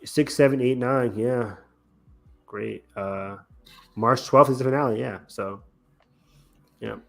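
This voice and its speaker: A man co-hosting a casual pop-culture podcast, talking excitedly and laughing often. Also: medium pitch, slow, vocal fry, faint music behind. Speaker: podcast co-host. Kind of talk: casual chat reacting to a trailer. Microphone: remote call setup.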